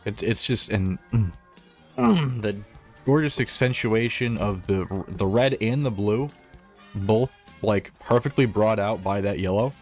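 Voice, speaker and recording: A man's voice: fairly low pitch, unhurried, darkish tone, faint music behind. A man giving casual, rambling gameplay commentary, swearing often and restarting his sentences. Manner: rambling, profane, self-interrupting. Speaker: gaming commentator.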